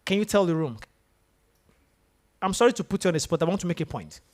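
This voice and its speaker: Lively, animated male motivational speaker. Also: sits high, fast talker. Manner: animated, asks the room questions. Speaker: guest speaker. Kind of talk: motivational talk to students. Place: lecture room with an audience.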